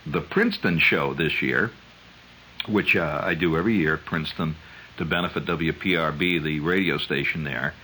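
A man hosting a radio show, spinning a rambling, chuckling monologue that climbs high when he gets worked up. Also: normal speed, a little hiss or hum, low-quality recording. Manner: digressive storyteller, chuckles often, voice climbs high when excited. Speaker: radio host.

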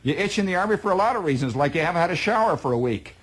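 A man's voice: high voice, expressive, rapid-fire. A man telling a spoken monologue in a wry, exaggerating manner. He stacks up details and often repeats words as he goes. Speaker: storyteller.

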